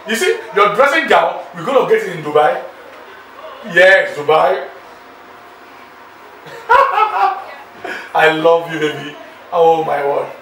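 An actor playing a boastful, newly rich man who sweet-talks several girlfriends on the phone, excited and laughing. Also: high voice, echoey room, recorded from a distance, a little hiss or hum, heavily acted, low-quality recording. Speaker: lead character in a film. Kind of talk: Nollywood film acting.

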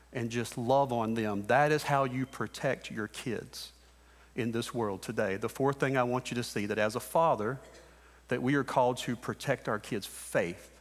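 A pastor in his thirties with a mid-range voice delivers a sermon from the pulpit of a church sanctuary. Earnest and exhorting, he repeats short phrases to drive his points home, his words trailing in long reverb.

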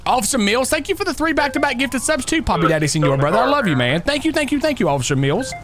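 A man streaming a police role-play game, shouting exclamations, laughing often and thanking his chat. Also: very high voice, big pitch swings, crowd noise. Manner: loud, laughing, quick exclamations. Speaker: streamer playing a police officer. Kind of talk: excitable role-play radio chatter and chat shout-outs.

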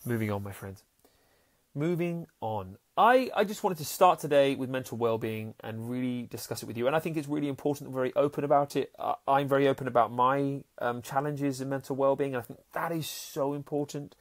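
A man's voice: medium pitch, brisk. A man, a podcast host and happiness coach, talking earnestly in a casual monologue and often repeating his words. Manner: earnest, repeats words, acts out voices in stories.

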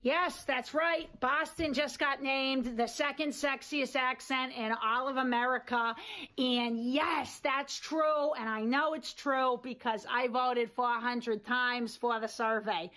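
A woman's voice: high voice, steady tone, slow, pushed and bright. A woman comedian delivering a playful, mock-boastful comic monologue.

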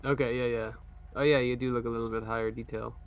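A man's voice: medium pitch, fast talker, muffled recording. Laughing man in casual gaming chat. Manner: laughs often, joking and relaxed. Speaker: roleplay streamer.

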